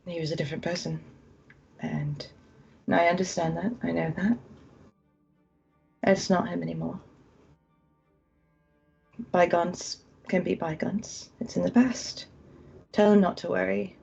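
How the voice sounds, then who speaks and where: Woman playing a gravelly, gentle adventurer. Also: fairly low pitch, steady tone, exaggerated voice. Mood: reassuring. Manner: soft, slow and reassuring. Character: reassuring young woman adventurer. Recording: dull lo-fi recording with faint music.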